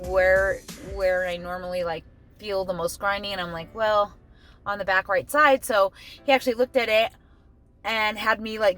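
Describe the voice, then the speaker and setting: This family vlogger, a middle-aged woman, has a mid-range voice that's a bit bright. Chatty and emotional, she peppers her casual talk to the camera with "like," speaking from her car and later from home.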